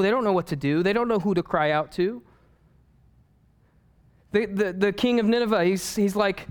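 Pastor guy preaching, fun storyteller, kinda high voice, smooth and clear. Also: brisk. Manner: animated storytelling with humor. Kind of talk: sermon.

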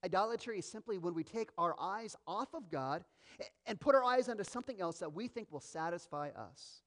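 A male pastor preaching a sermon, expressive and dramatic, acting out quoted voices as he teaches. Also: high voice, fairly quick.

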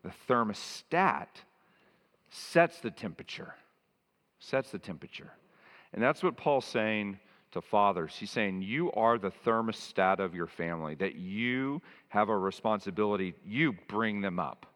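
A man with a low voice preaches a sermon, stressing and repeating his key phrases. His voice rings out in a church hall with a long reverb trailing behind each line. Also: lively intonation, normal speed, fairly bright tone. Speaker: pastor.

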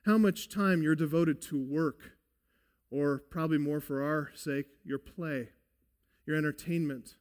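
A man's voice: fairly high pitch, measured pace, big-room sound. A man preaching a sermon as pastor, earnest and emphatic, asking his listeners pointed questions.

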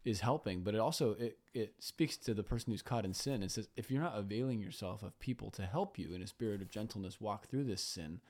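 A man's voice: on the low side, fairly quick, hardly any pauses, darkish tone. A man co-hosting a casual Bible discussion podcast, thoughtfully raising questions and quoting scripture. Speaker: podcast co-host.

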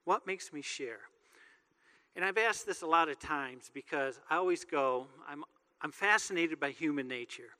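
A man gives a sermon as pastor. His voice sits a little high and sounds bright and forceful, and his delivery is loose, joking and conversational. A long reverb from a large hall trails after his words. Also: moderate pace.

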